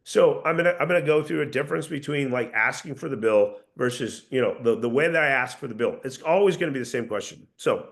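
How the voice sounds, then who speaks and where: Gravelly-voiced man coaching a sales team. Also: mid-range voice, expressive, fast, hardly any pauses, fairly bright tone. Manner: earnest, coaching, with frequent restarts. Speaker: sales trainer. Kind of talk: casual sales coaching talk to a group.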